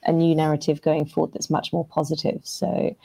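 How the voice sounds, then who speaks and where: A woman's voice: low voice, completely flat delivery, brisk, creaky, mellow, breathy edge, dry recording. A woman talking as a guest in a casual livestream discussion, thoughtful, with many fillers and restarts.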